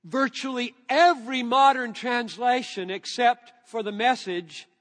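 Male pastor, sermon, high voice, unhurried and reverent; reverberant hall sound. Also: fairly bright tone. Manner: earnest, reverent, reads scripture slowly with emphasis.

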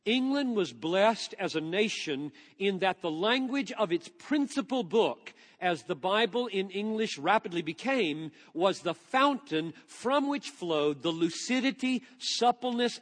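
A high-pitched male preacher speaks slowly and deliberately, lingering reverently over each quoted line. His voice rings out in a hall with a long, trailing reverb. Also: lively intonation, fairly bright tone. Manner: earnest, reverent, reads scripture slowly with emphasis. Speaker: pastor. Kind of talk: sermon.

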